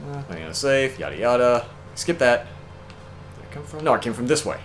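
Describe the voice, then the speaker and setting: Lively wry man chatting over gameplay. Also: mid-range voice, a little fast. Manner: wry, exasperated, laughs often. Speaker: co-host. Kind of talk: casual gameplay chat.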